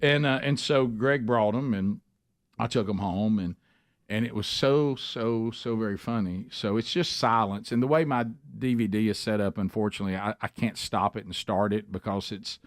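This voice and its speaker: A man hosting a talk show, telling a long animated story and acting out the voices of both people in it. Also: on the low side, moderate pace. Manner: animated storyteller, acts out dialogue. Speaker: radio show host.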